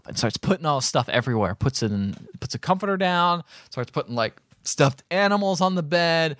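Animated man, lively storytelling pitch. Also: fairly quick, few pauses, no room sound, clean studio sound. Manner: animated storyteller, acts out characters in quoted voices. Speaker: podcast co-host recapping a film. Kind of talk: casual chat.

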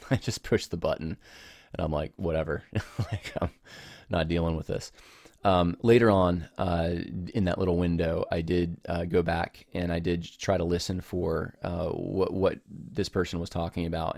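A podcast host talks alone, casual and apologetic, rambling and restarting sentences while explaining himself. He has a low, darkish voice with vocal fry. He records on a home setup with a camera, and the sound is clean studio quality with no echo.

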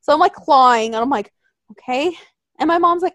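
A woman's voice: sits high, sing-song, brisk, dry recording, clean studio sound. A young woman telling a story in casual chat, swearing often and acting out quotes in voices.

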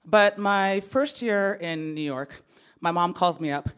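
Animated woman telling a story. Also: on the low side, slow, smooth. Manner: animated, laughing, repeats words. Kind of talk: live first-person storytelling.

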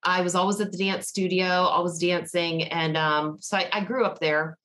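A woman from Georgia speaks with a Southern accent, chatty and quick to laugh. She tells stories from her past in a casual back-and-forth with a podcast host. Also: fairly low pitch, steady tone, a bit bright. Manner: chatty storyteller, laughs often. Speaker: podcast guest. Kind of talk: casual interview chat.

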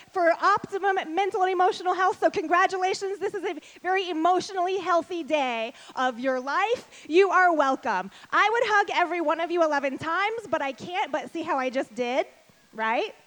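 A young adult woman speaking on stage at a women's event, fast-talking, chatty and self-deprecating as she addresses the audience. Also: extremely high pitch. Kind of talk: lively stage talk to an audience.

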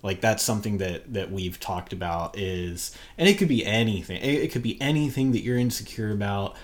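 A man's voice: on the low side, lively intonation, a little fast. A man co-hosting a podcast, talking about relationships in an earnest, reflective way. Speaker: podcast co-host. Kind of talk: candid relationship podcast talk.

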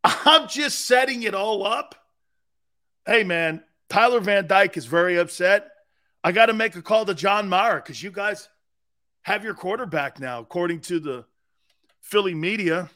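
A middle-aged man hosting a sports talk radio show, ranting sarcastically and bombastically with bursts of shouting. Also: sits high, expressive, unhurried.

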